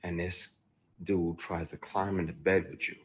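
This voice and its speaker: A man, an actor, speaking candidly about a personal experience, telling it bluntly with frequent cursing and swinging between quiet brooding and loud bursts. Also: low voice, little pitch movement, measured pace, slight background noise. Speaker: actor recounting his experience.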